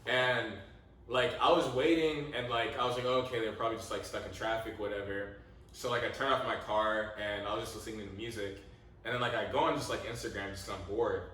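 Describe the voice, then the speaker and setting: A young man co-hosting a podcast, telling a story in a lively, laughing way, swearing freely and acting out his own lines. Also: fairly low pitch, a little fast. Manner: animated, laughing, swears freely, quotes himself. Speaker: podcast co-host. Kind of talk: casual storytelling chat. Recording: echoey room, mic at a distance.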